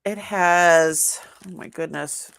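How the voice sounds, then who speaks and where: A woman's voice: fairly low pitch, takes it slowly, vocal fry, fairly bright tone, clear, resonant tone, dry recording, clean studio sound. An older woman hosting a live jewelry sale, chatting casually and laughing often. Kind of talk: casual live-stream selling.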